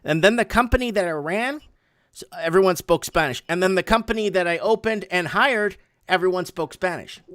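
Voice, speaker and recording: A man hosting a podcast, chatting in a quick, matter-of-fact way with frequent restarts. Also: high-pitched, fairly bright tone, clear, resonant tone, no echo, clean studio sound. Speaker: podcast host. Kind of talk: casual chat.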